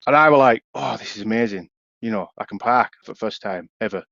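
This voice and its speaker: A man's voice: on the low side, fast talker, creaky, no room sound, muffled recording. Yorkshire man telling a swearing-laced story. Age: young adult. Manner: swears freely, lively anecdotes. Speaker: podcast co-host. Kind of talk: casual storytelling chat.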